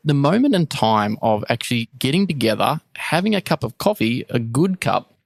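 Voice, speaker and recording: A man's voice: mid-range voice, creaky, dry recording, studio quality. An Australian man, a coffee roaster guest, speaking earnestly and thoughtfully in casual chat.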